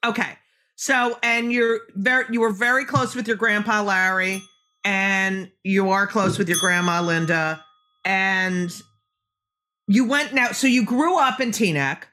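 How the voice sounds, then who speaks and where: A woman's voice: medium pitch, measured pace, bright, forceful tone, a little hiss or hum. Brash, joking woman host. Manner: brash, joking, swears freely. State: phlegmy throat. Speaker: podcast host. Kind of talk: casual interview chat.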